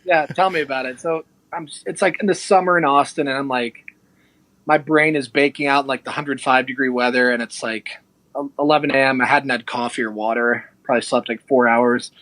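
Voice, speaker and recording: A man's voice: mid-range voice, a little fast, dry recording. A young adult man, a podcast guest, telling a casual story and acting out the people in it. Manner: animated, acts out quoted people.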